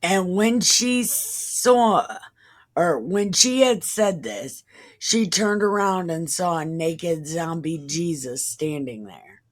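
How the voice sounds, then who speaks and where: A woman reading a Bible passage aloud and breaking off into profane, confused, deadpan asides. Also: fairly low pitch, takes it slowly. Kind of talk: irreverent casual Bible reading with commentary.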